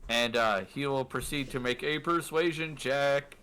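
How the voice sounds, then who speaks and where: A man narrating as game master of a tabletop game, relaxed with many fillers. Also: mid-range voice, measured pace, clear, resonant tone.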